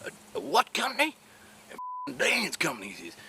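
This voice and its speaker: A man's voice: medium pitch, sing-song, background noise. A man playing a blunt, swearing rural cattle boss. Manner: gruff, sweary, quick. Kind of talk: mockumentary interview acting.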